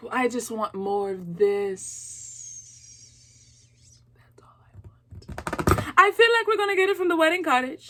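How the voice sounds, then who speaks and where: A woman hosting a movie review vlog, chatty and excitable, using casual slang and getting loud when she is excited. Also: extremely high pitch, noisy background.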